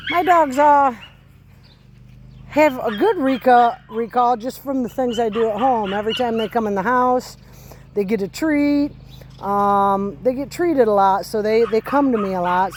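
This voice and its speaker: A woman calmly explaining puppy recall training while walking outdoors on her rural property. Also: on the high side, a little hiss or hum. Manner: calm, unhurried explaining. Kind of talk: casual instructional walk-and-talk.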